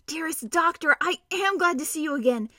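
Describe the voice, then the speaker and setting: A woman's voice: high voice, animated, a little fast, bright, forceful tone, no echo, studio quality, voice pushed up. A woman voicing a young male king who speaks in a firm, commanding way.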